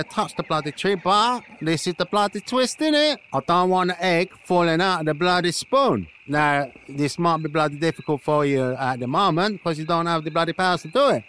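A man voicing a bossy, gruff trainer who swears constantly, in an improvised comedy podcast. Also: on the high side, a bit bright. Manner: peppers every sentence with swearing, bossy.

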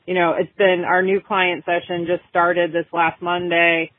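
A woman in her forties, guesting on a podcast as a women's health coach, chats casually and tells a story full of fillers. Her voice is fairly low with little pitch movement and a slightly slow pace. The remote audio sounds tinny and phone-like, with no echo.

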